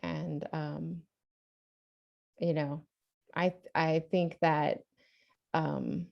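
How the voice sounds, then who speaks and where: A woman's voice: low voice, little pitch movement, very slow, creaky. A woman podcast host in casual chat, reflective and often trailing off with fillers. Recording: dull lo-fi sound.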